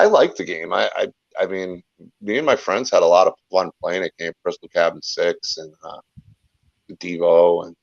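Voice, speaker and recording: Guesting in a casual chat, a filmmaker and YouTuber rambles on in a low, gravelly, creaky voice, stumbling over his own restarts. The audio is dry, dull, and echo-free, much like a lo-fi call.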